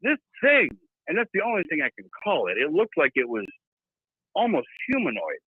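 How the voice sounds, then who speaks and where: Man, profane animated storyteller on a call, fairly high voice, dry tinny line. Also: fairly quick, breathy edge, no echo. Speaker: guest. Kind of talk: casual storytelling.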